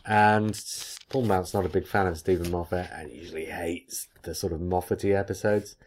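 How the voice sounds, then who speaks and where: A man with a low voice hosts a casual podcast. He reads listener messages aloud and breaks in with chatty asides of his own. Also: fairly even intonation, normal speed, a little hiss or hum. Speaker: podcast host. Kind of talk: casual podcast chat, reading listener comments.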